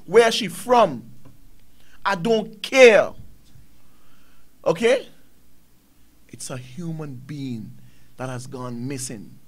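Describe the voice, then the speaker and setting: A man's voice: high-pitched, fairly bright tone. A middle-aged man, hosting a talk show and ranting angrily, firing off one rhetorical question after another. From Caribbean. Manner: angry, preaching, rhetorical questions. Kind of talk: impassioned commentary.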